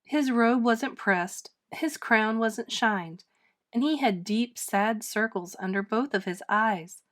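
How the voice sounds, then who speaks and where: Expressive woman reading a storybook aloud. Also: a little high, slow pace. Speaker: storybook reader. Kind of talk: children's book read-aloud.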